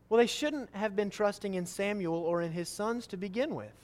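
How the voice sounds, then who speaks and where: A man's voice: sits high, moderate pace, hardly any pauses, darkish tone. A man preaching a sermon, reading Scripture and acting out the people's pleas with rising, emphatic questions.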